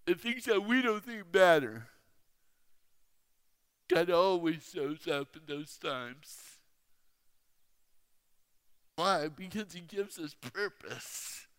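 A man preaching a sermon, telling a personal story slowly and with emphasis. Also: high-pitched, animated, a bit bright, clean tone. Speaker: speaker. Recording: reverberant hall.

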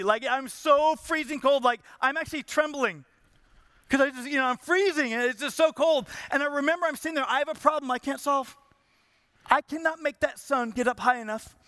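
High, bright-voiced preaching man. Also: no echo. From Southern California. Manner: storytelling preacher who acts out prayers in a pleading voice. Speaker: pastor. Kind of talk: sermon.

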